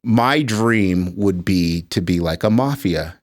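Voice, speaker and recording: A middle-aged man speaks as a guest in a casual podcast chat. He talks reflectively, often pausing with uh and um. His voice sits a little low. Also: lively intonation. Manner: reflective, with many uh and um pauses.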